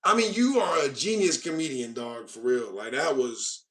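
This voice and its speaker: Speaking at a moderate pace in a mid-range, slightly bright voice, this American stream host reads out viewer comments. He jokes around, acts mock-offended and keeps calling viewers bro.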